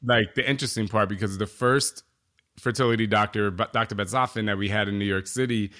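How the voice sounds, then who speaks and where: A man speaking casually as an interview guest, relaxed and a little wry, with some halting restarts. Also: on the low side. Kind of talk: casual conversation.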